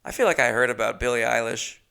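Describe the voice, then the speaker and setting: A man's voice: mid-range voice, fast talker, vocal fry, bright, forceful tone, clean tone. A man hosting a solo podcast, rambling casually with chatty, self-mocking asides. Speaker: podcast host.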